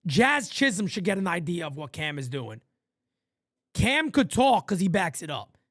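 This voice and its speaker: Animated man calling a ballgame. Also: moderate pace, no room sound, studio quality. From New York. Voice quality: profane, blunt street talk. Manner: animated, swings from loud calls to low asides. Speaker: fan stream play-by-play host. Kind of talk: live fan play-by-play with casual chat.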